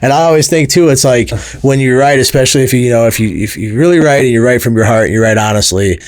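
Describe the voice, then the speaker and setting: Cleveland man, fast, dry close mic, animated storyteller who swears casually and laughs a lot. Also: mid-range voice, no room sound. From Cleveland, Ohio. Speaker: musician guest. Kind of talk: casual interview chat.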